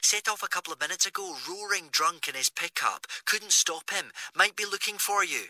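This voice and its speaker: A man reading an audiobook, voicing a young woman on the phone, soft and hurried, with a frantic, pleading manner. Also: high voice, expressive, no echo, voice pushed up, heavily acted. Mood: urgent. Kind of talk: audiobook narration.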